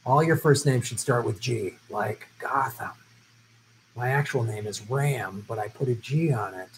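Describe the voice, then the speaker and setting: At a moderate pace and medium pitch, a middle-aged man hosts a casual live stream, with slight background noise and poor audio quality. He reads out comments from viewers and answers in a rambling, joking way, describing himself as a vegetarian who travels for work.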